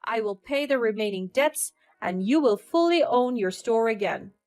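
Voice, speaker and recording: A woman's voice: on the high side, lively intonation, normal speed, a little mellow, close to an everyday voice. A woman voicing a stern, protective older uncle in a storytelling narration, speaking firmly. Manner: firm, commanding.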